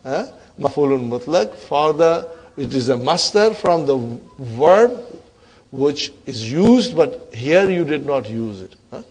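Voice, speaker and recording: A man teaching an online Arabic grammar class, encouraging his students and often checking in with a quick "huh?". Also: a little high, sing-song, a little mellow, breathy edge. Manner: addresses students as brothers and sisters.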